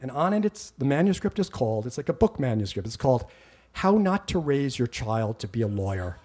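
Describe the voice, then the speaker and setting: Animated middle-aged man telling a wry story. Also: medium pitch, a little fast. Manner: animated, wry and self-mocking, heats up when retelling arguments. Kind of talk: live personal storytelling on stage.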